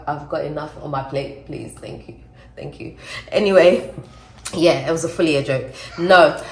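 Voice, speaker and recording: Chatty woman vlogging in an echoey room. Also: fairly low pitch. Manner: chatty, animated, self-mocking. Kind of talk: casual vlog chat to camera.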